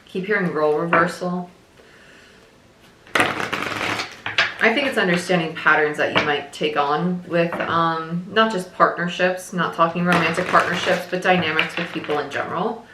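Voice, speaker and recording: A woman's voice: lowish voice, fairly even intonation, moderate pace, reverberant, very noisy. A woman giving a casual tarot reading, chatty and repetitive, often saying "like" and "right?", talking around a piece of gum. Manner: chatty, repeats herself, frequent "like" and "right?". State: chewing gum while talking. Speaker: tarot reader.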